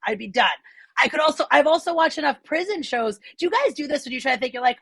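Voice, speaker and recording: A woman comedian doing animated, self-deprecating stand-up from home over a video call on her phone. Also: high-pitched, fast talker, creaky, dry recording.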